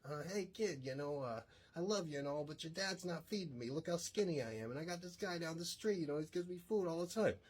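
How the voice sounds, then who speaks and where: A scrawny New York street cat, pitched way up, slick and wheedling. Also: male voice, animated, brisk, few pauses, darkish tone, husky. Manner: casual, wheedling. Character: skinny streetwise male orange cat.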